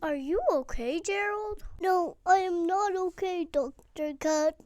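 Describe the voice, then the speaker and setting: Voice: extremely high pitch, slow pace, hardly any pauses, a little mellow. A child reading a picture book aloud, doing playful character voices with dramatic sneezes. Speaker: young reader.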